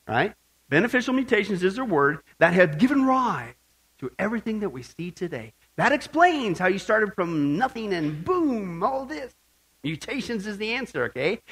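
High-voiced emphatic man preaching. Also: sing-song, a little fast, a bit bright, breathy edge. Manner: emphatic, joking, asks questions of the audience. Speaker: pastor. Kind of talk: sermon.

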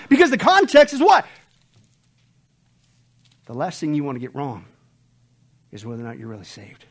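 A man preaching an expository sermon to a church congregation, swinging between loud emphatic outbursts and low hushed warnings. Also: wildly swooping pitch, fairly quick, long pauses. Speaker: pastor. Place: church service.

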